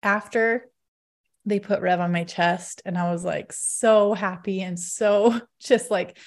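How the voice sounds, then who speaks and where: A woman in her thirties talks straight to her viewers in an open, confiding way. She keeps laughing between sentences and strings her thoughts together with many a "like". Her pitch sits right in the middle for a woman. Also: measured pace. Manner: chatty, laughs often, many likes. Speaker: vlogger. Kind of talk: candid storytelling to viewers.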